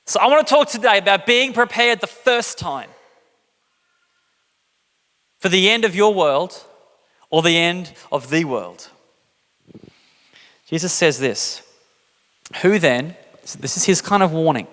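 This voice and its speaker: A man giving a sermon in a loose, conversational way, breaking into playful voices when he quotes people. His voice sits a little high, and it rings out with the long reverb of a church hall. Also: lively intonation, a little slow, pauses often, a bit bright. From England. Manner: conversational, jokey, acts out quotes with big pitch jumps. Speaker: pastor.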